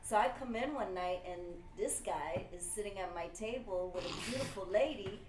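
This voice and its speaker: A woman in the music industry telling stories in a casual conversation, animated, with lots of "you know". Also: medium pitch, moderate pace. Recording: echoey room with faint noise.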